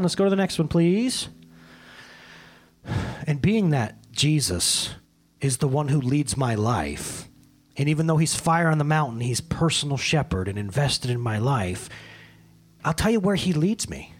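A man preaching a sermon in a chatty, joking way, often dropping suddenly to a hushed tone. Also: fairly high pitch, breathy edge. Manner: conversational, jokey preaching with sudden drops to a hushed tone. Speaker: pastor.

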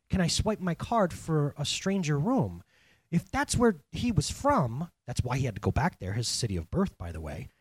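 A male pastor preaches in a loose, conversational way and keeps tossing questions at the people in front of him. His voice sits a little high and swings widely in pitch. The sound is dry and close, with little room in it. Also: husky, no room sound. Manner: conversational, animated, talks to congregation directly. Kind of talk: sermon.

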